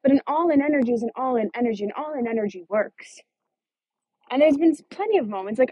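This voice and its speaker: Husky higher-voiced woman coach, swears a lot, punchy and emphatic, dry room. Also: a little mellow, no room sound. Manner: fast, punchy delivery with sudden stresses. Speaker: business coach. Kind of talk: casual motivational monologue.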